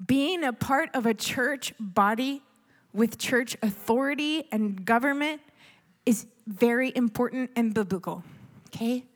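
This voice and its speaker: A woman preaching a sermon, earnest and pleading, sometimes dropping to a hush. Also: on the high side, unhurried. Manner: earnest, pleading, with soft hushed asides.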